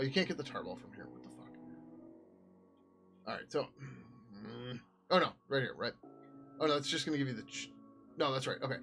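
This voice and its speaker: A man of ordinary mid-range pitch talks through his code on a live stream in a loose, offhand way. He trails off, restarts and swears casually as he goes. Soft music plays faintly behind him. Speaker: software developer streaming his work.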